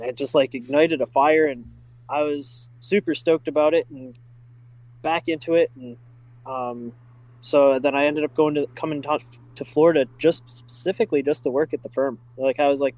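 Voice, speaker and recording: Excited man, podcast guest, loose rambling storyteller, slightly high voice. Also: moderate pace, low-quality recording. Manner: enthusiastic, many fillers like "like" and "uh". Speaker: podcast guest, driving school staff. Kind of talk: casual storytelling.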